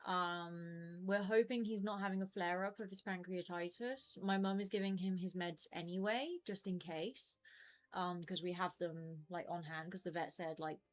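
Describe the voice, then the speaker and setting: A woman's voice: fairly low pitch, fairly even intonation, normal speed. A young woman in her twenties chatting casually with her stream viewers from home, rambling with lots of fillers. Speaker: game streamer.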